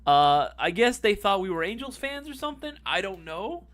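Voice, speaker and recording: A young man hosting a live stream, telling a long story casually with lots of swearing and sudden swings from loud to low. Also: moderate pace. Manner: animated, profane, swings between loud and low.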